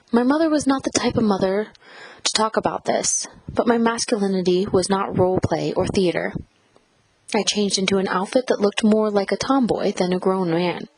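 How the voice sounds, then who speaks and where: Woman narrator, husky voice, dry close sound, measured reflective audiobook reading. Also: mid-range voice, no room sound, rough recording. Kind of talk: first-person audiobook narration.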